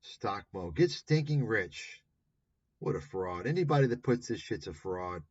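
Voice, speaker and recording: A man's voice: low voice, expressive, normal speed, dry recording, muffled recording. A man hosting a livestream, talking in a sarcastic, profane, rambling way. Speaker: livestream host. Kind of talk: livestream commentary.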